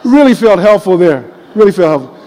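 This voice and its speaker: A middle-aged man recounts a personal story with animated energy, often breaking into laughter. His voice sits high for a man but sounds mellow and soft-edged. The sound carries the long reverb of a big hall. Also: a little fast, slight background noise. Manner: animated, laughs often, uses casual fillers. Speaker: speaker telling a personal story. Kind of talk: storytelling talk.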